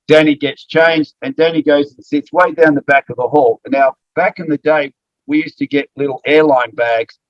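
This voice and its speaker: A man's voice: a little high, dry recording, highs cut off. Australian man spinning a rambling yarn. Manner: rambling anecdotal storyteller with fillers. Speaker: interview host, former wrestler. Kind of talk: casual storytelling interview.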